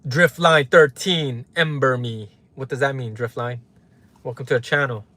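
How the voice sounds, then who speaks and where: A man's voice: mid-range voice, steady tone, moderate pace, bright, forceful tone, dry recording. A man from Los Angeles hosting a live stream, ranting heatedly and often profanely to his chat and reading out viewers' names. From Los Angeles, United States. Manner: heated, profane, repeats "right?" for emphasis. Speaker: livestream host.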